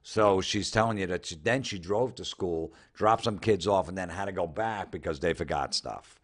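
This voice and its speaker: A man with a lowish voice rants through social media posts in comedic commentary. He is sarcastic and openly incredulous, and he swears freely as he mocks each line. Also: moderate pace. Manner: sarcastic, incredulous, profane ranting. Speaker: comedian host.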